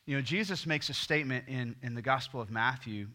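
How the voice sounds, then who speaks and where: A middle-aged man preaching a sermon, swinging from loud emphasis to hushed near-whispers. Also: medium pitch, fairly quick. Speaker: pastor.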